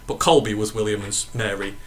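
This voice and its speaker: A northern English man hosts a casual sports podcast, rambling and correcting himself as he answers live chat questions. He speaks a little fast in a lowish voice, with slight background noise.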